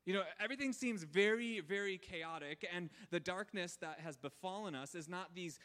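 A man's voice: on the high side, a bit bright. A man in his thirties giving a conversational sermon as a pastor, informal and candid, with frequent fillers and restarts. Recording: long reverb.

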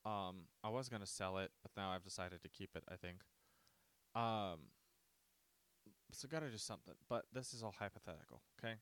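A man's voice: low-pitched, brisk, fairly bright tone, clear, resonant tone, no echo. A man hosting a podcast on his own, rambling casually, joking and swearing. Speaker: podcast host. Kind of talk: casual solo podcast chat.

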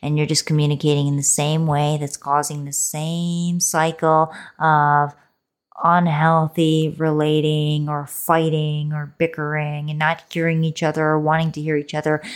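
A woman with a low, full voice speaks straight to the listener in a solo motivational talk about relationships. She is playful and coaxing, calls the listener baby, and now and then sinks into a soft whisper. The delivery feels like an intimate pep talk from a podcast host. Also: flat delivery, normal speed.

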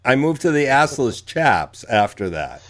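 A man co-hosting a band podcast, trading deadpan self-mocking jokes in casual chat. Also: mid-range voice, a little slow. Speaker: podcast co-host, band member.

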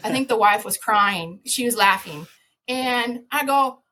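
A woman, a podcast guest, telling an animated story with lots of laughter, sudden loud shouted quotes and many restarts. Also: on the high side, unhurried. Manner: lively, laughing, jumps to loud shouts when quoting herself.

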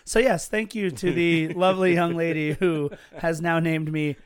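A man's voice: fairly high pitch, steady tone, moderate pace, smooth. A man co-hosting a casual sports podcast, telling stories in a chatty, earnest way. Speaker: podcast co-host.

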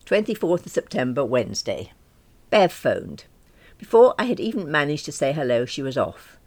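A woman's voice: extremely low pitch, very animated, normal speed, darkish tone. A woman narrating a first-person story audiobook in a wry, self-deprecating manner.

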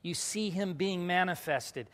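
A high-pitched man preaching a personal testimony as a youth pastor. He tells the story with animation, jumping from loud bursts to quiet, hushed asides. His voice carries a long reverb from a large church hall. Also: measured pace. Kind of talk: sermon testimony to a congregation.

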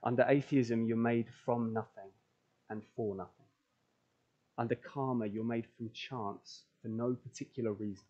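A man's voice: medium pitch, fairly even intonation, normal speed, warm tone. A man preaches to a church congregation in an earnest voice. He leans on repeated phrases to build each point. The sound is dull and lo-fi. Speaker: pastor. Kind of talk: sermon. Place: church, recorded for online stream.

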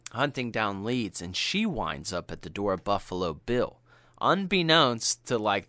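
A podcast co-host with a fairly low voice and no room sound chats casually while retelling a film, animated and full of slang and profanity.

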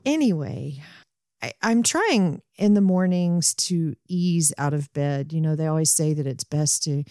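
A woman's voice: sits low, lively intonation, unhurried, warm tone, dry recording, clean studio sound. A middle-aged woman, hosting a show and telling a personal story in a casual, rambling, self-interrupting way. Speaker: podcast host. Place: home bedroom.

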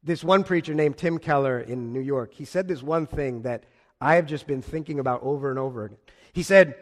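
A man's voice: mid-range voice, a little fast. Impassioned male preacher, echoing hall. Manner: impassioned, rising to emphatic repetition. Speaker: pastor. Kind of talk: sermon. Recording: long reverb of a large hall.

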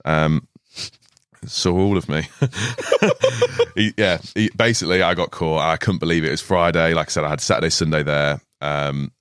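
A man's voice: extremely low pitch, steady tone, normal speed, a bit bright, smooth, dry recording, clean studio sound. A man, a carp angler guest on a podcast, telling a rambling story with frequent laughs and restarts. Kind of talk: casual storytelling chat. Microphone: studio podcast mic.

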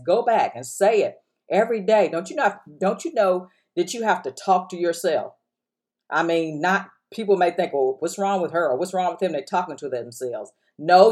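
A woman's voice: low voice, darkish tone. A woman pastor preaching on a podcast, urging listeners to respond and repeating lines for emphasis. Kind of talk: sermon-style podcast teaching.

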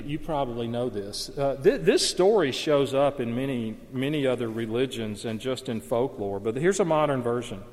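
Earnest preacher man in a reverberant hall. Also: mid-range voice. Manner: earnest, emphatic, rises to stress key points. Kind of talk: sermon. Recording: long reverb of a large hall.

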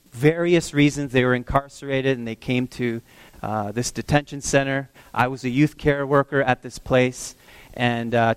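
A man preaching a sermon, telling stories in an animated way and acting out the voices of the people in them. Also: medium pitch, clear, resonant tone, dry recording. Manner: animated storytelling, acts out voices. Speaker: pastor.

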